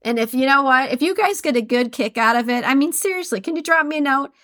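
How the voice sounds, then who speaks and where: A woman hosting a solo podcast, reading quotes aloud and chatting casually, laughing at her own slips in an animated way. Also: sits high, fast, no room sound, clean studio sound. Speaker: podcast host.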